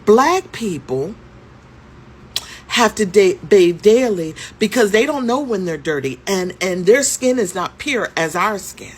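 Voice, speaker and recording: A woman's voice: mid-range voice, lively intonation, unhurried, breathy edge. Prim elderly lady as a woman retells her, blunt, matter-of-fact.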